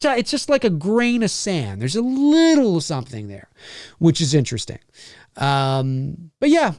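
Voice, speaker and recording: Animated, rambling male stream host. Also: on the high side, dry recording, studio quality. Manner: rambling, animated, swears freely. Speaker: voice actor hosting a live Q&A stream. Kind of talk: casual live-stream chat.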